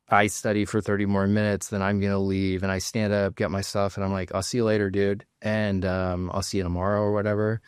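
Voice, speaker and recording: A man's voice: sits low, darkish tone, clean tone, no echo, studio quality. A man in his forties, a podcast guest, telling a rambling story with many fillers in casual chat, near tears. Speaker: podcast guest, plastic surgeon.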